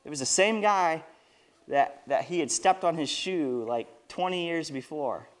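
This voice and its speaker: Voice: medium pitch, unhurried. A speaker leading a children's sermon in a church service, telling a story and asking the kids questions. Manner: lively, asks the kids questions.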